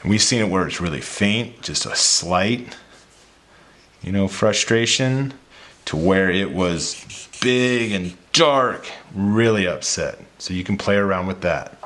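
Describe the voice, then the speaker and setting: Low-voiced man teaching kids. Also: lively intonation, takes it slowly, a bit bright. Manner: patient, explains step by step with playful demonstrations. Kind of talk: children's reading and drawing lesson.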